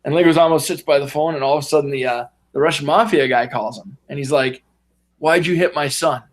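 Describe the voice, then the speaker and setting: A man's voice: medium pitch, fast talker. A man in casual podcast chat, animatedly retelling movie scenes and acting out the characters in voices. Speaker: podcast co-host.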